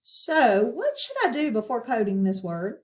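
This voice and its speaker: A woman teaching a phonics lesson to children, asking questions and pausing patiently for answers. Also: on the high side, sing-song, a little mellow. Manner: slow, patient, asks questions and pauses.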